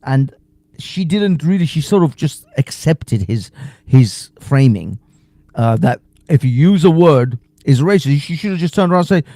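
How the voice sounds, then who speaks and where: Male commentary host, somewhat high voice, blunt and rambling, dry close sound. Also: lively intonation, normal speed, dark tone, no room sound. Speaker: reaction video host. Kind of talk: casual commentary over clips.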